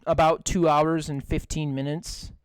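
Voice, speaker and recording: A man's voice: a little high, little pitch movement, unhurried, clean tone, no room sound, low-quality recording. A young man co-hosting a podcast, ranting in casual chat with lots of swearing and fillers. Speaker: podcast co-host.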